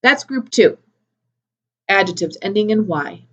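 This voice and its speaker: A woman teaching an English grammar lesson, modelling words slowly and carefully for learners. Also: mid-range voice, animated, a bit bright, dull audio. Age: adult with a daughter. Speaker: ESL teacher.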